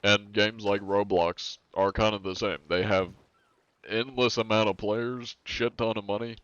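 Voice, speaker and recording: Low-voiced man streaming casually. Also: fairly even intonation, a little slow, a bit bright, no echo, lo-fi sound. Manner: rambling, laid-back, chuckling asides. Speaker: game streamer. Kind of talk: casual live-stream chat.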